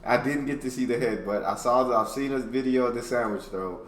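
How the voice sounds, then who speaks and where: A man from the United States hosting a reaction video in a laid-back, slangy chat, laughing loudly. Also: mid-range voice, a little fast, reverberant, recorded from a distance, slight background noise. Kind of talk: casual chat.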